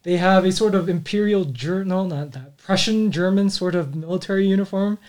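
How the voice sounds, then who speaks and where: A man's voice: sits high, normal speed, a little mellow. A man running a tabletop game as game master, describing scenes in a playful way.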